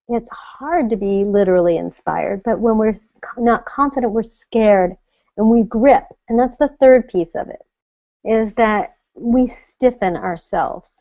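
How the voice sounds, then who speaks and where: A middle-aged woman coaching an online audience on confidence, animated and now and then acting out nervous inner voices. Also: a little high, dry recording, highs cut off. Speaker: confidence coach hosting a live web session.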